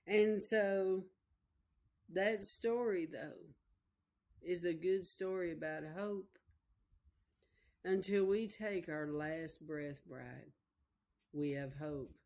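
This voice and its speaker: A woman's voice: mid-range voice, slow, long pauses. A middle-aged woman preaching a sermon, telling a personal testimony in an emotional, repetitive way and speaking straight to her listeners. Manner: emotional, repetitive storytelling, addresses listeners directly.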